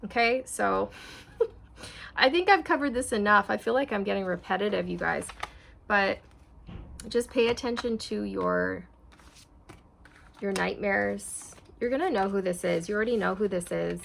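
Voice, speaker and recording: A woman's voice: mid-range voice, moderate pace, creaky, slight background noise. A woman doing a casual tarot reading. She talks straight to her viewers in a chatty, repetitive way. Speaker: tarot reader.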